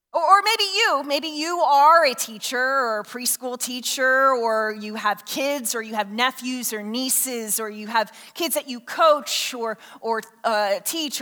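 A woman's voice: on the high side, bright, forceful tone. A woman pastor preaching a sermon in a conversational way, with many fillers and restarts. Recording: long hall reverb.

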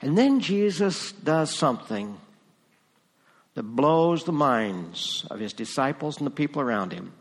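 A pastor delivers a sermon in a conversational way, now and then lifting into emphatic, driving stretches. His voice sits somewhat high for a man. The sound carries a long reverb tail from the church space. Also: sing-song, unhurried. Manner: conversational preaching with rising emphasis.

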